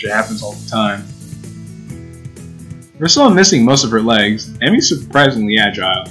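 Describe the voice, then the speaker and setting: A man's voice: lowish voice, lively intonation, normal speed, pauses often, fairly bright tone, faint music behind, poor audio. A young man hosting a let's play, reading visual novel text aloud with casual, giggly asides.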